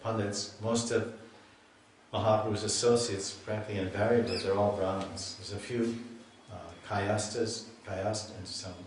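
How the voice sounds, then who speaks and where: A man's voice: on the low side, level tone, normal speed, slight background noise. A man giving a scripture lecture as a swami, chatty and storytelling, often restarting his sentences. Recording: echoey hall, mic at a distance.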